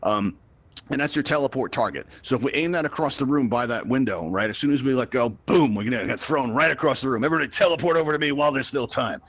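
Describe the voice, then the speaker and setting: A man's voice: mid-range voice, quick pace, fairly bright tone, no echo. A man hosting a live virtual reality tutorial, talking a group through the controls in a chatty, upbeat way and checking in with them constantly. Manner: upbeat, chatty, addresses the crowd with frequent "right?" checks. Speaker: VR event host and instructor.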